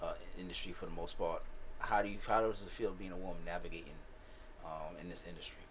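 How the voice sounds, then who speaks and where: A man's voice: low-pitched, steady tone, fast talker, fairly bright tone, a little hiss or hum. A man hosting a comedy talk show, bantering loosely and with lots of swearing. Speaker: host. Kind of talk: casual chat.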